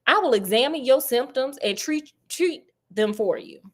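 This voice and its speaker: A woman's voice: sits high, animated, moderate pace, pitched above the performer's own voice. A woman voicing a loyal, worried male doctor who scolds his friend in slang. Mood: firm. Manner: exasperated, slangy, affectionate.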